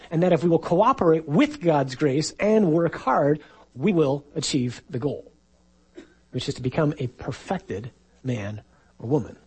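A man's voice: fairly high pitch, darkish tone, breathy edge, poor audio. A man, a priest, giving a conversational sermon and acting out the voices he quotes.

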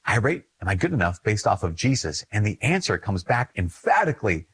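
A man's voice: lowish voice, very animated, a little fast, a bit bright, breathy edge, dry recording, rough recording. A man with a Minnesota accent, a Catholic priest giving an earnest, conversational talk on faith, repeating phrases for emphasis. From Minnesota, USA. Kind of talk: casual spoken teaching on faith.

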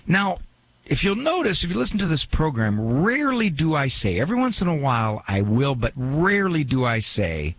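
A man's voice: medium pitch, very animated, moderate pace. A man hosting a radio talk show, chatting in a joking, self-mocking way and acting out little quoted asides. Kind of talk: casual radio monologue.

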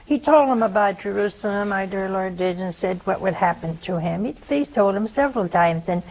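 A woman's voice: animated, fairly quick, darkish tone, a little hiss or hum, poor audio. An older woman with a Southern American accent preaching a sermon, telling a story and asking rhetorical questions. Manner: storytelling, rhetorical questions, pitch swings for emphasis.

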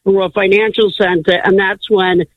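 A woman's voice: mid-range voice, little pitch movement, normal speed. A woman calling in to a radio show, recounting events in an earnest, matter-of-fact way. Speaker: caller. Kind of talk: call-in radio chat. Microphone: phone call. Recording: tinny phone line.

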